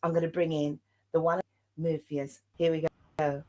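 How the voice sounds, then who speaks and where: A chatty British woman hosts a live online show, her voice sitting a touch lower than most women's. She talks in an upbeat, casual way and drops in plenty of fillers. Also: little pitch movement, moderate pace, warm tone. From United Kingdom. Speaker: host.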